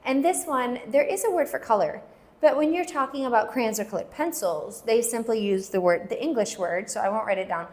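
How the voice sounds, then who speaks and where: A woman teaching a language lesson, patiently repeating words slowly so learners can follow. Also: a little high, darkish tone. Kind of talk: slow pronunciation lesson.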